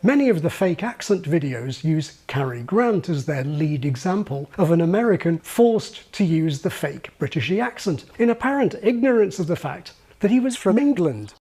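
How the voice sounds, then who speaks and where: A man giving scripted narration for a video essay, measured and explanatory. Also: fairly high pitch, big pitch swings, warm tone, slightly rough.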